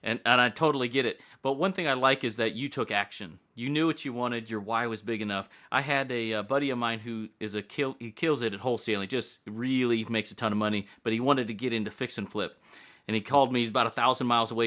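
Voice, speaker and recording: A man's voice: mid-range voice, fast, a bit bright. A man hosting a podcast interview, chatting casually and encouraging his guest. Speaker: podcast host.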